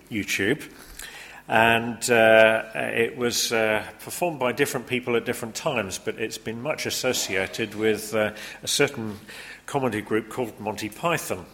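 A man speaking to an audience in a casual talk, halting with many pauses and fillers. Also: mid-range voice, a bit bright, in a large hall.

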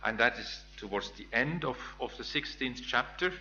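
A man's voice: medium pitch, animated, normal speed, bright, forceful tone, highs cut off, a little hiss or hum. A man giving a Bible teaching sermon, retelling scripture in a reflective storytelling way with small restarts. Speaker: preacher.

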